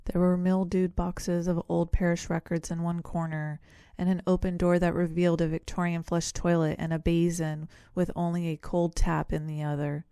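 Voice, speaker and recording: Female audiobook narrator, measured storytelling, dark mellow tone. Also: lowish voice, little pitch movement, smooth, no echo, studio quality. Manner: measured storytelling with voiced characters. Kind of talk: scripted narration.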